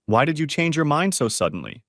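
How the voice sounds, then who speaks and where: A man voicing a tearful pleading wife, shrill outbursts, lively swings in pitch. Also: a little fast, no room sound, clean studio sound. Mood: hesitant.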